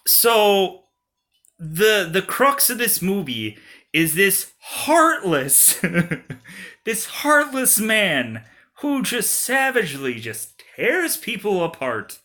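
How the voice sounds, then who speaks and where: A young man talks slowly through a game, his voice a touch high and bright. He rambles and giggles, stacking up filler words as he thinks out loud. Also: sing-song. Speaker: gaming commentator. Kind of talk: casual let's-play commentary.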